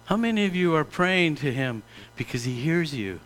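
A middle-aged man preaches from the pulpit with a bright, forceful voice that sits a little high for a man. He is animated and direct and sometimes drops into a mock-pompous prayer voice to make a point. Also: moderate pace, a little hiss or hum. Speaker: pastor. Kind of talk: sermon.

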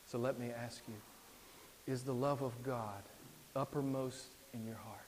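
A man's voice: mid-range voice, fairly even intonation, measured pace, slight background noise. Male preacher in a reverberant hall. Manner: emphatic, repetitive, swings between loud and hushed. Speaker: pastor. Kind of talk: sermon. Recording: long reverb in a large hall.

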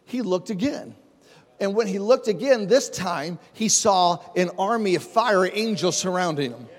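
A man's voice: high voice, expressive, measured pace. A man preaching a sermon as pastor, talking conversationally, calling on the congregation and building repeated phrases with rising emphasis. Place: church sanctuary. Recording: long reverb of a large hall.

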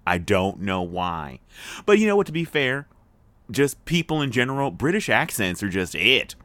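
A man hosting a TV review podcast in casual chat, excitable and rambling, laughing often. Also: medium pitch, moderate pace, no room sound.

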